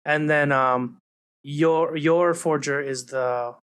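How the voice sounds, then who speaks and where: A young man co-hosting a casual podcast, talking animatedly and mimicking characters in high voices. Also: fairly even intonation, slow pace, fairly bright tone, clear, resonant tone. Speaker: podcast co-host. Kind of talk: casual chat.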